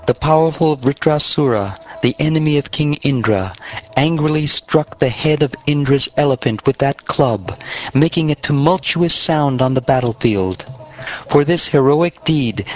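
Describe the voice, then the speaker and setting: A male audiobook narrator reading scripture in a measured, solemn way. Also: medium pitch. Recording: dull lo-fi audio.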